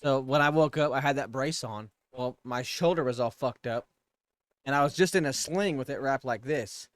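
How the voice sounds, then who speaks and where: A man's voice: medium pitch, moderate pace, a bit bright, no room sound, clean studio sound. A man casually recounting a hospital stay on a podcast, blunt and profane. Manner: blunt, profane, laughs along. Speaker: podcast co-host. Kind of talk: casual chat.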